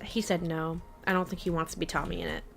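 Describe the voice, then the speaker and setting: A woman's voice: on the low side, flat delivery, fast, creaky, soft background music. A woman in her twenties chatting casually on a live gaming stream, reading chat aloud and talking to her cat. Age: 20s.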